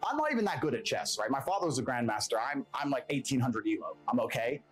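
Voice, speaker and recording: A man's voice: mid-range voice, very animated, fast talker, few pauses, breathy edge, soft background music, rough recording. A man who grew up in England delivers a blunt, profane, self-assured motivational monologue as a podcast guest.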